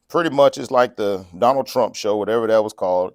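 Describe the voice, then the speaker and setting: A man's voice: mid-range voice, lively intonation, moderate pace, darkish tone, no echo, clean studio sound. A man preaching a casual, joking sermon, laughing often and acting out the people in his story. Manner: folksy and joking, laughs often, acts out quotes. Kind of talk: conversational sermon.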